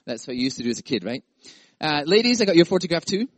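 Jokey pastor guy preaching, lively voice, dry close sound. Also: a little high, fast, no room sound. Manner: playful, jokey, acts out voices. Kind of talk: sermon.

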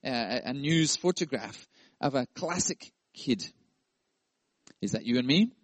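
A man's voice: mid-range voice, expressive, measured pace, no room sound. A male pastor preaching a sermon, playful and jokey, acting out voices.

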